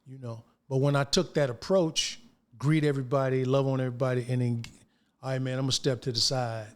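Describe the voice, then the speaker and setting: An older guest actor tells stories in a relaxed interview, talking a little fast in a mid-range voice. He's animated and slangy, acting out the lines of the people he quotes.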